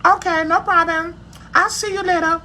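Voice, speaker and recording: A man putting on a high falsetto to imitate a woman chatting on the phone, in a mocking tone. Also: fairly even intonation, normal speed, pushed and bright, slight background noise, exaggerated voice. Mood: sing-song mocking.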